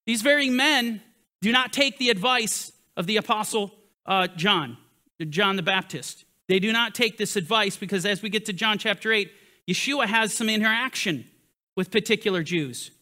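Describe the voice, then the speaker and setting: A male Bible teacher delivers an emphatic sermon, asking rhetorical questions and letting his voice drop to a hush for the grave points. His voice sits very high and rings bright and forceful. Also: expressive, normal speed. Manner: emphatic, rhetorical questions, dramatic swings from loud to hushed.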